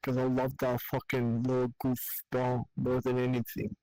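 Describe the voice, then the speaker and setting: A young man speaks in a steady, level tone with little rise and fall. His delivery is candid, profane and halting as he tells an emotional personal story. The sound is dry and close. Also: medium pitch, dry recording, poor audio. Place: online voice chat in a virtual world.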